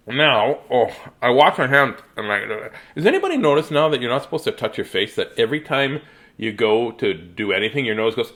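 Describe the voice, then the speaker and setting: A man's voice: mid-range voice, animated, moderate pace, a bit bright. A middle-aged man chatting playfully with young viewers at home and reading a storybook aloud. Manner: chatty, playful, rambling, greets viewers by name. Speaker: children's storybook reader. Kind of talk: casual live-stream chat and read-aloud.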